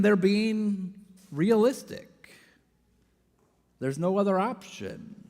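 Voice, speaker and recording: A man with a fairly high voice preaches a sermon at an unhurried, measured pace. His delivery swings between loud, pressing phrases and soft, almost whispered lines. The sound carries a long church reverb. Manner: slow, dynamic preaching, swelling loud then dropping very soft. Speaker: pastor. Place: church sanctuary.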